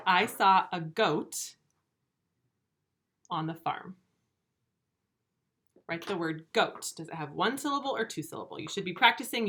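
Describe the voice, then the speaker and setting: Bright-voiced woman teaching young children. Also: on the low side. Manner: slow, clear, encouraging teacher talk with repeated words. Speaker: first grade teacher. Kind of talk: recorded video lesson for young children.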